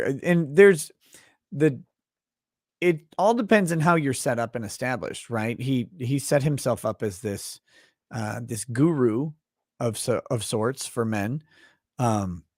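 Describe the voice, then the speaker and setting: A man hosting a livestream, chatting casually with a guest and reading viewer comments aloud with many halting restarts. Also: mid-range voice, no room sound, studio quality. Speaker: livestream host.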